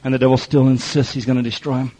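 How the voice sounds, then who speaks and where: A middle-aged preacher speaks rapid-fire in a dark, mid-range voice with a flat delivery. His folksy testimony sermon is storytelling that acts out other people, heavy on quoted voices and repetition. The audio is muffled and lo-fi.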